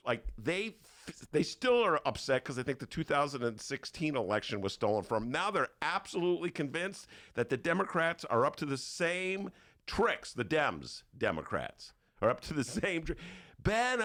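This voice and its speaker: A man's voice: a little high, moderate pace. An older man hosting a podcast, telling stories in a casual comedic monologue and slipping into put-on voices. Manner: animated storytelling with put-on voices. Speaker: podcast host.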